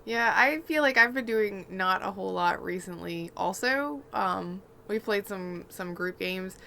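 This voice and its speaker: A woman's voice: medium pitch, expressive, unhurried, creaky, bright, forceful tone, a little hiss or hum. A woman co-hosting a gaming podcast, telling rambling, chatty stories in casual conversation. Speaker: podcast co-host.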